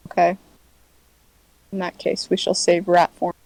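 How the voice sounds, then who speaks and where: A woman's voice: on the low side, monotone, unhurried, gravelly, a little mellow, poor audio. A woman playing a tabletop game, playful and giggly as she describes her character. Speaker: player.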